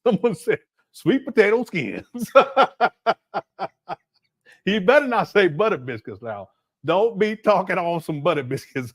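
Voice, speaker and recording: A man hosting a livestream, commenting casually and mockingly while laughing often. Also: sits high. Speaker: livestream host.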